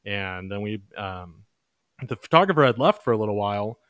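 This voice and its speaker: A young man hosting a podcast, casually telling a long story in a relaxed, chatty way and lifting his voice when he quotes others. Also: lowish voice, normal speed, smooth, dry recording, studio quality. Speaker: podcast host.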